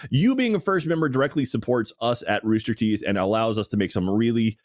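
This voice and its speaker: A man's voice: mid-range voice, expressive, a little fast, no room sound, studio quality. A man hosting a podcast, talking in an earnest, casual way and thanking supporters. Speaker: podcast host. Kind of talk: casual chat.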